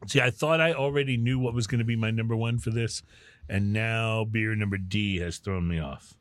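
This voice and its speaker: A man's voice: lowish voice, fairly even intonation, normal speed, no echo. Chatty man in his sixties hosting. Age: 60s. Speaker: podcast host. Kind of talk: casual chat.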